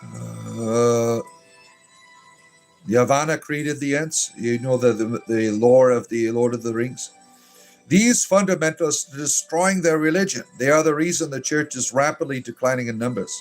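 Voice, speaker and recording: A man's voice: mid-range voice, measured pace, faint music behind. Sardonic male streamer with a put-on lilt. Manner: irreverent, sardonic banter; puts on a lilting Irish-sounding fantasy accent. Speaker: livestream host reading viewer chat. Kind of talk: casual livestream chat.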